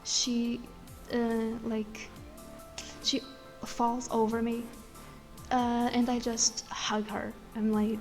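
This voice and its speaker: A woman content creator casually telling the story of a dream, excited and tumbling, acting out what she said in it. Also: a little high, extremely slow, long pauses. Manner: excited, tumbling retelling with quoted inner speech. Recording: long reverb with faint music.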